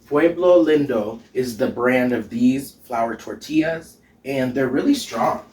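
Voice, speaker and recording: A man's voice: mid-range voice, unhurried, darkish tone, recorded from a distance. A man, a drag queen hosting a home cooking show, chatting casually and sassily with frequent laughs while cooking. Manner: chatty, sassy, laughs often. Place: home kitchen. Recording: echoey room, off-mic.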